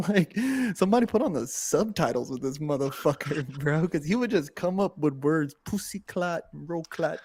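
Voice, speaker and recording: A man co-hosting a casual podcast, an animated storyteller who laughs often and swears freely. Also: a little high, moderate pace, slightly rough. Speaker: podcast co-host.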